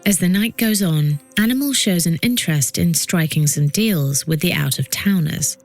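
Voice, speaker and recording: A woman narrating a documentary podcast from a script, with a measured delivery that builds suspense. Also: lowish voice, faint music behind.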